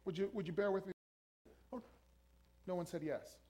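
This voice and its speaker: High-voiced man preaching a sermon. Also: steady tone, normal speed, heavy background noise. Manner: emphatic, urging the congregation to repeat lines. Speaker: pastor. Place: church.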